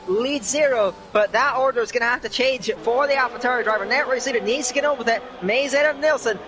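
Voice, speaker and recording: A man giving live play-by-play commentary on a sim racing league, excitable as the action heats up. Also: extremely high pitch, fast talker. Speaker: race commentator.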